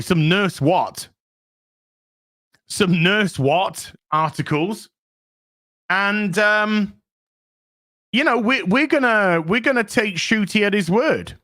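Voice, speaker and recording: A man hosting a live stream, talking excitably to his chat, swearing freely as he reacts to the news. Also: high-pitched, slow pace, pauses often. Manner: excitable, swears, chats to viewers. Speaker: streamer host.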